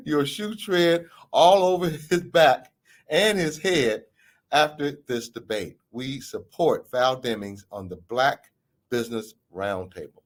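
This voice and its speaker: A man hosting a podcast and giving emphatic, theatrical political commentary. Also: takes it slowly. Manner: emphatic, theatrical delivery with big pitch swings. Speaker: podcast host.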